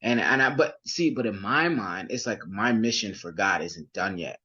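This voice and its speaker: A man's voice: fairly low pitch, animated, normal speed, bright, forceful tone, husky, lo-fi sound. A young man as an interview guest, telling his story casually with many fillers and restarts. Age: young adult.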